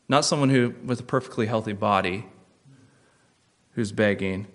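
A man's voice: fairly low pitch, normal speed, long pauses. Emphatic man preaching a sermon. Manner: emphatic, repeats key phrases, swings from hushed to loud. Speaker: pastor.

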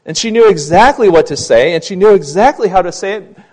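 A man preaching a sermon, retelling a Bible story, loud and emphatic in some passages and quiet and soft in others. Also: high-pitched, animated, a little fast. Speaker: pastor.

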